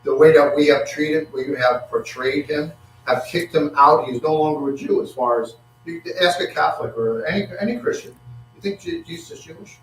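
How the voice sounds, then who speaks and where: A man preaching a sermon, halting and repeating words, acting out quotes with rising excitement. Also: fairly high pitch. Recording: echoey room from far off with faint hum.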